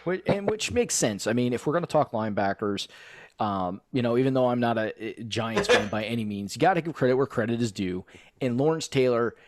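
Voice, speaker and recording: A man's voice: mid-range voice, lively intonation, fairly quick. A middle-aged man co-hosting a casual sports chat show, steering the topics and rambling with casual swearing. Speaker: podcast co-host.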